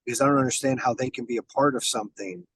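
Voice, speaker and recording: A man's voice: mid-range voice, racing, fairly bright tone, breathy edge, dry recording, low-quality recording. A man in a casual podcast interview as a guest. He talks bluntly and emphatically, swears, and often restarts his sentences. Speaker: podcast guest, business founder.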